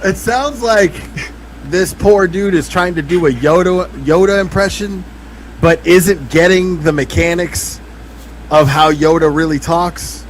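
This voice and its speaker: Slow-talking amused man. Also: sits high, slight background noise, rough recording. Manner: amused, laughing, hesitant. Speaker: guest in a played clip. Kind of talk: casual commentary.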